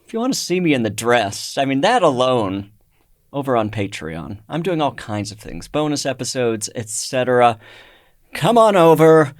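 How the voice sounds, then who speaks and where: A man hosting a comedy podcast in a studio, delivering absurd jokes deadpan. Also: mid-range voice, normal speed, no room sound. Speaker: podcast host.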